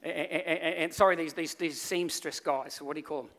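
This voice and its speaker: Animated pastor in a reverberant church. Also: male voice, fairly high pitch, brisk. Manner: animated storytelling, acts out voices in the story. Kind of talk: sermon. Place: church hall.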